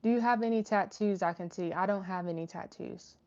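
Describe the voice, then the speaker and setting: A woman's voice: medium pitch, a little fast, a little mellow. Woman chatting on a livestream, reading off chat, lots of ums, kinda muffled sound. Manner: chatty, many fillers and restarts. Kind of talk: casual live chat.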